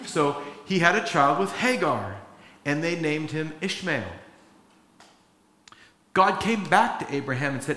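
A man's voice: on the high side, moderate pace, sharp tone, roomy sound, big-room sound. A middle-aged pastor preaching a sermon in an earnest, conversational way, acting out the quotes he tells.

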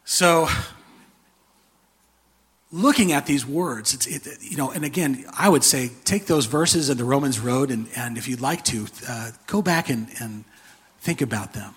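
A man preaching a sermon in an animated, conversational way, with a husky voice. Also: medium pitch, unhurried. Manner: animated, conversational, with frequent restarts and laughter. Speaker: pastor.

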